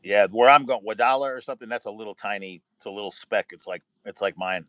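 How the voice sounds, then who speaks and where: A man's voice: lowish voice, fast talker, pushed and bright, no room sound, poor audio. A man who works as a building inspector, chatting casually and rambling through road stories. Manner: rambling storyteller, retells anecdotes with quoted voices. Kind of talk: casual chat.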